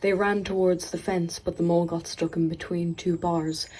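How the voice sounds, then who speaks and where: A woman narrating a children's animated story in a clear, measured read-aloud manner. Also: on the low side.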